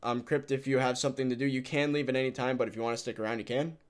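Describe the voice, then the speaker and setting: A man's voice: mid-range voice, fairly even intonation, very fast, clean tone. A young man hosting a voice chat, talking casually with frequent laughs and loose restarts.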